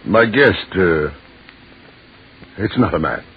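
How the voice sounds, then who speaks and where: An actor playing a pompous, blustering lord who sputters and stammers, in an old radio play. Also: male voice, sits low, lively intonation, slow pace, slightly rough, exaggerated voice. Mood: flustered. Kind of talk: 1930s radio drama acting. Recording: muffled old radio recording.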